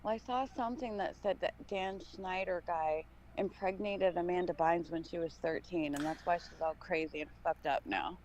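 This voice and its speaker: A woman's voice: fairly low pitch, moderate pace, hardly any pauses, a little mellow, dull audio, a little hiss or hum. A woman co-hosting a live podcast stream, chatting casually, blunt and playful and swearing freely. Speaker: podcast co-host.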